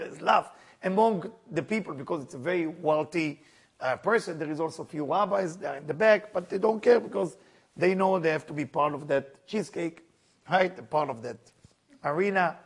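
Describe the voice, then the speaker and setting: A man telling a spiritual story as a lesson in broken, non-native English, with lively asides to his listeners. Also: high-pitched, slightly rough. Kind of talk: storytelling sermon.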